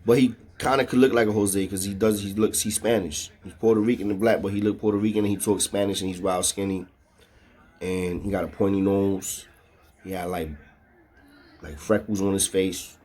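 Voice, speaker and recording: In a low, steady, darkish voice with a slight roughness, a man spins a long, casual story at normal speed. His speech is slangy and profane, and he often asks his listener "know what I mean."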